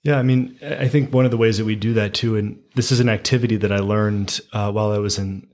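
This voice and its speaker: A man, a priest, earnestly telling a story about forgiveness in a faith conversation, with lively emphasis on key moments. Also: lowish voice, fast.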